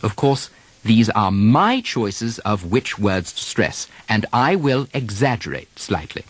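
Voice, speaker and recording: A man teaching accent drills on a taped lesson, modeling example sentences slowly and deliberately. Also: fairly low pitch, big pitch swings, no room sound. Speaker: dialect coach.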